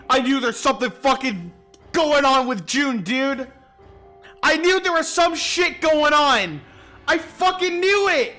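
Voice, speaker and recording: A game streamer reading game text aloud and reacting with loud, swearing outbursts. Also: very high-pitched.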